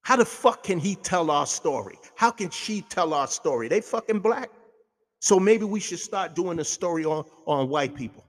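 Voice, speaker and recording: Guy ranting hard on his talk show, voice sits kinda high, cussing a lot, long reverb on it. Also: animated, moderate pace, few pauses. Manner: heated, profane, ranting. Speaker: radio show host. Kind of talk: impassioned talk-show monologue.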